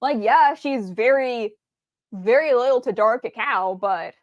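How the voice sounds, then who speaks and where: Rambling woman streamer, slightly high voice. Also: takes it slowly, no echo, lo-fi sound. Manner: rambling, with many fillers and restarts; stumbles over words. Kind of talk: casual stream chat.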